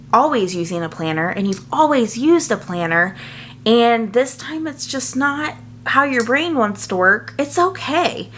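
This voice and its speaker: A young woman talks straight to camera in a relaxed vlog, earnest and chatty, tripping over small fillers as she goes. Her voice sits at an ordinary middle pitch. A faint hum runs underneath. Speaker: nursing student vlogger. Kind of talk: casual chat to camera.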